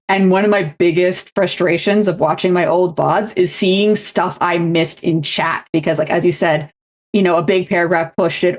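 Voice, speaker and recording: Woman, young adult, streamer, casual chat, slightly low voice, many fillers and restarts. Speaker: streamer and co-host.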